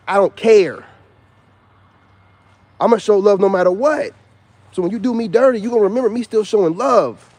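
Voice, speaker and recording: A man's voice: high-pitched, animated, fairly quick, darkish tone, husky. A man in his thirties talking in a casual vlog monologue, emphatic and repetitive with a slangy delivery. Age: 30s. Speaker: YouTuber.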